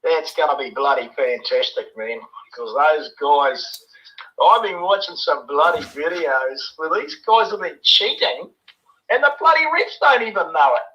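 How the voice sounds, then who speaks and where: Bright-voiced older man rambling about rugby. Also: on the high side, lively intonation, measured pace, rough recording. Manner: chatty, peppers every line with "bloody" and "eh?". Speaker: caller sending a voice message. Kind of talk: rambling rugby opinion message.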